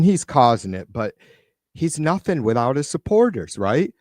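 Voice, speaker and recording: A man's voice: medium pitch, very animated, measured pace, a little mellow, no room sound, studio quality. A man hosting a live stream, reading viewer comments aloud and ranting with frequent profanity and irritation. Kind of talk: casual live-stream rant. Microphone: computer mic on a live stream.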